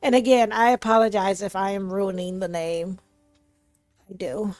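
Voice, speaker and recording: A woman's voice: medium pitch, fairly even intonation, moderate pace, a little mellow, no echo, faint music behind. A woman streamer giving live commentary over a game, with bubbly, giggly, slangy reactions on a close mic.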